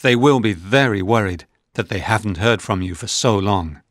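A man reading a gentle, worried young friend. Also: lowish voice, moderate pace, no echo, clean studio sound, close to an everyday voice. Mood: concerned. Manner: gentle, concerned.

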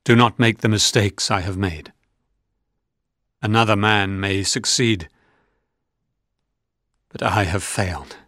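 A man's voice: on the low side, takes it slowly, long pauses, fairly bright tone, no room sound, studio quality. A man voicing a weak, dying man in a storybook reading, speaking faintly.

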